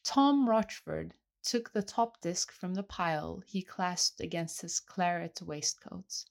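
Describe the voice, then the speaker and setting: Lower-voiced woman reading a novel aloud. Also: takes it slowly, creaky. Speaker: audiobook reader. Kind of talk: literary audiobook narration.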